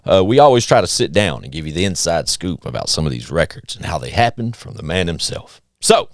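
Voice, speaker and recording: Animated, hyped-up podcast host. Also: male voice, low-pitched, brisk, no echo, clean studio sound. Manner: hype, animated, swears freely. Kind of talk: casual podcast chat.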